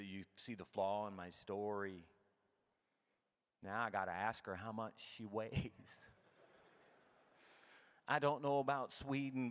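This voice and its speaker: A middle-aged man giving a comedic keynote talk, animated and irreverent, acting out his own thoughts as he tells the story. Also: medium pitch, smooth. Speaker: keynote speaker. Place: large conference hall. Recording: long hall reverb.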